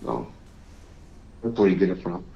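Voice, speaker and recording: A man hosting a live call-in stream, chatting casually and reading out shout-outs to viewers. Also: low-pitched, big pitch swings, normal speed, vocal fry. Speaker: livestream host. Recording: echoey, dull lo-fi stream audio.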